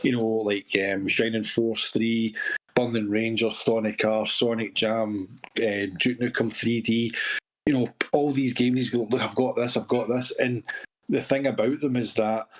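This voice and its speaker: A man's voice: mid-range voice, fairly even intonation, a little slow. Scottish man reminiscing on a voice call. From Scotland. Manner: reminiscing, talks in long flowing runs with "you know". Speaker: podcast guest. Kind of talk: casual chat on a live voice call.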